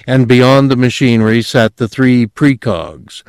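A man narrating a story in a measured, even reading. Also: mid-range voice, smooth, dry recording, clean studio sound. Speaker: audiobook narrator. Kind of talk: scripted narration.

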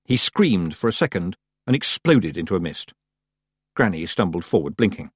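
A man reads a fantasy story aloud with expressive storytelling. His voice is husky and moves through a lively pitch range. The sound is dry and close. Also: moderate pace, dry recording. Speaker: audiobook narrator. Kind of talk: scripted narration.

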